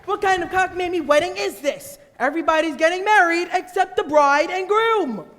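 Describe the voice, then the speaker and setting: A student playing a frantic, brash producer. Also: very high voice. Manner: brash, shouting, fast-talking. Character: frantic middle-aged male show producer. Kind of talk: school stage musical acting. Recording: reverberant hall, distant stage sound.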